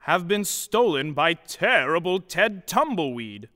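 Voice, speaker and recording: A man's voice: a little high, big pitch swings, slow pace, big-room sound, loud music behind the voice. A man narrating a playful western story in a sing-song storybook manner.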